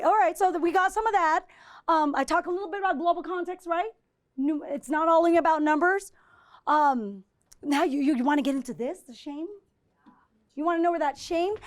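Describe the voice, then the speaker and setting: A woman with a high voice giving a live lecture. She talks in a conversational, animated way and keeps checking in with her listeners. She takes their questions as she goes. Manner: conversational, often checks in with 'right?'; animated, acts out quoted exchanges. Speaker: visiting professor giving a presentation.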